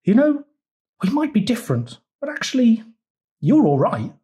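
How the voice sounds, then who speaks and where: A man voicing a small, nervous male toad in a storybook reading, high and excitable. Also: moderate pace, husky, heavily acted. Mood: excited.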